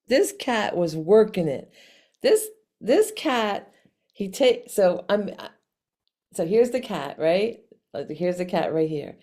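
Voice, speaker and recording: A woman telling a personal story to camera in a casual, animated way, with frequent restarts and laughs. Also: fairly low pitch. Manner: animated, chatty, many restarts, laughs often. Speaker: vlog host.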